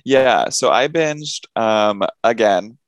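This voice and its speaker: A man's voice: on the low side, expressive, takes it slowly, no echo. A young man co-hosting a podcast, rambling casually with plenty of swearing and laughter. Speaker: podcast co-host. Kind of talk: casual chat.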